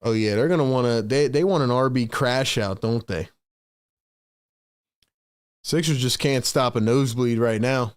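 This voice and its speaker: A man's voice: medium pitch, moderate pace, long pauses, smooth. A man doing live play-by-play for his own fan stream, calling the action and ranting in frustration between plays. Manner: sighs and rants between calls.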